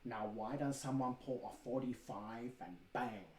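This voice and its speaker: A man putting on a calm, philosophical male martial arts master, quoting him slowly and deliberately. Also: mid-range voice, close to an everyday voice. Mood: measured. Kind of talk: casual impression in podcast chat. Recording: roomy room, faint noise.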